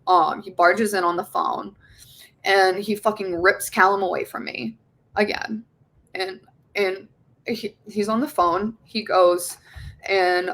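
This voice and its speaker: A woman's voice: medium pitch, gravelly, fairly bright tone. A young woman as an interview guest, candidly telling a personal story, swearing often and acting out the voices of others. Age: young adult.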